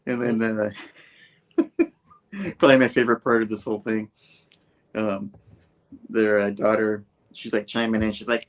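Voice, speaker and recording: A man's voice: lowish voice, unhurried, long pauses. A man casually recapping a comic book story on his show, slipping into raised voices for the characters' lines.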